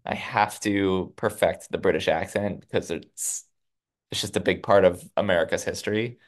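A man co-hosting a podcast, a history teacher, retelling a TV episode in animated casual chat with laughs. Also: low-pitched, moderate pace. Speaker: podcast co-host.

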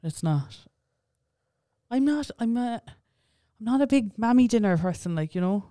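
A man's voice: high voice, lively intonation, measured pace, warm tone, no echo, studio quality. A young Irish man co-hosting a podcast in casual chat, filling his talk with "yeah" and "like". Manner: chatty, lots of fillers and "yeah, yeah". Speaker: podcast co-host.

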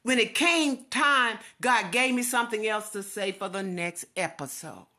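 A woman's voice: medium pitch, a little slow, sharp tone. A middle-aged woman preaching an impassioned devotional sermon with a repetitive cadence.

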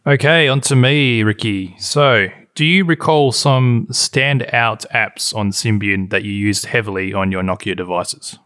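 A man's voice: lowish voice, a little slow, few pauses, a bit bright. A man co-hosting a podcast who puts casual questions to the guest in a brief, easygoing way. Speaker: podcast co-host.

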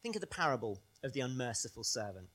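Bright-voiced male preacher. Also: mid-range voice, fast. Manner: animated preaching that swings from loud to soft. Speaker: pastor. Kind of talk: sermon.

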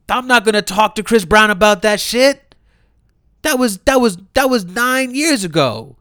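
A man's voice: fairly high pitch, no echo. Heated, cursing young man with a dry voice. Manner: heated, mocking, swinging between loud outbursts and muttered asides. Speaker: commentator. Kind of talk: profane comedic rant.

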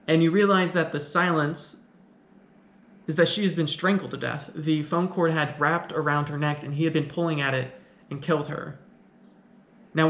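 A man's voice: a little high, fairly bright tone. A man casually recapping and commenting on an old film, talking in a loose, rambling way with frequent restarts. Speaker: film reviewer. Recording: echoey room.

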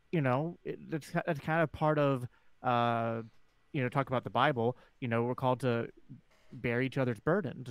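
A man's voice: medium pitch, no room sound. A man co-hosting a casual panel chat, speaking earnestly and reflectively with frequent restarts. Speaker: podcast co-host.

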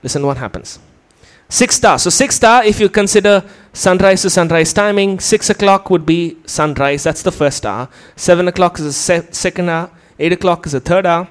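The sermon is a teaching one, delivered by a man whose voice is high and light. He works patiently through one point after another and often pauses to ask the audience a quick question.

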